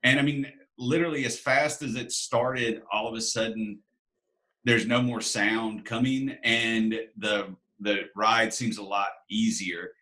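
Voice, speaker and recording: Game master, male, low-ish voice, bright tone, relaxed filler-laden narration. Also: measured pace. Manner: casual, filler-heavy storytelling.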